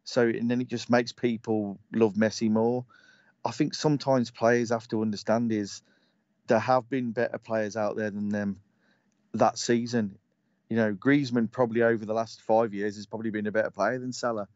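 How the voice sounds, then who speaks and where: A man's voice: fairly low pitch, level tone, moderate pace, darkish tone, dry recording. Man with dull, dry call audio. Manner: opinionated, restarts and stumbles on words. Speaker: co-host and pundit. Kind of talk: casual opinionated chat.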